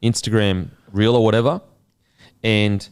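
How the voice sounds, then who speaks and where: A man's voice: on the low side, fairly even intonation, a little slow, clear, resonant tone. A young Australian man hosting a podcast, chatting casually in a rambling, sweary, laid-back way. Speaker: podcast host.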